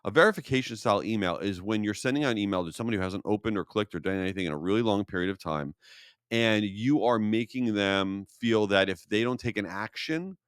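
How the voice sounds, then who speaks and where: A man from New York hosting a podcast, answering listener questions in a casual, jokey, animated way. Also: on the low side, fast, clean tone, no room sound, studio quality. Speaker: podcast host.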